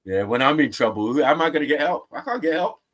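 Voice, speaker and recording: Male stream host, slangy and teasing, bouncy pitch, sits a bit high. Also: lively intonation, fast, a bit bright. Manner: teasing, slangy, breaks into voices and song. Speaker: livestream host. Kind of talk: casual banter.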